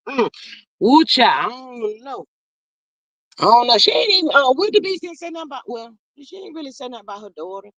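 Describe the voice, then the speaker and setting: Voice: mid-range voice, no echo, muffled recording, natural voice. A performer playing a sassy gossiping woman persona, reading viewer comments on a livestream and calling everyone honey and child. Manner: dramatic, playfully threatening. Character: sassy gossiping woman persona, Miss Marlene, quick to clap back. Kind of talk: live chat.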